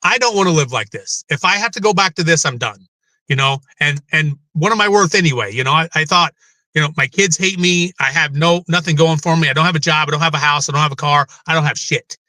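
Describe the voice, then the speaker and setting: A man's voice: on the high side, fast talker, bright, forceful tone, dry recording. A middle-aged man speaking as a guest in a candid interview, rambling, emotional and swearing freely.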